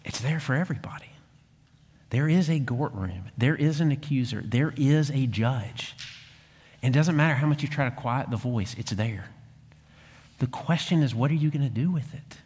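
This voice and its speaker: A man preaches a sermon in a voice of middling pitch. He moves between hushed, quiet lines and strong, emphatic ones. A long reverb from a large church hall trails his words. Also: normal speed, slightly rough. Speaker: pastor.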